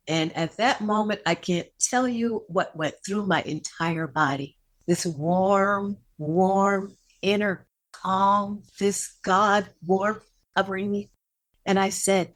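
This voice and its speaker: An older actress, appearing as a guest in a podcast interview, tells a personal story emotionally, repeating phrases for emphasis. Her voice is medium-pitched and her pace slow.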